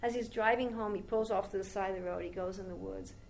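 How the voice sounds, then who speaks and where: A woman speaks at a middle pitch, her voice gravelly and fried at the edges. She gives a devotional talk in a loose, conversational manner, wandering into a story and stopping for asides. A faint rumble sits under the recording. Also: lively intonation, quick pace, poor audio. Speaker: spiritual teacher.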